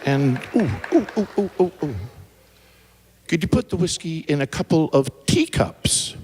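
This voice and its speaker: Man voicing a sly Irish boozer, coaxing, high and lively, live stage. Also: unhurried, slightly rough, exaggerated voice. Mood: eager. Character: sly wheedling Irish drinker, middle-aged man.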